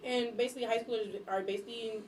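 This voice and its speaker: A young woman chatting casually on a podcast about her jobs, blunt and animated, sometimes acting out how she scolds people. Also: a little high, fast talker, roomy sound, distant mic, slight background noise, rough recording. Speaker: guest, substitute teacher and airport worker.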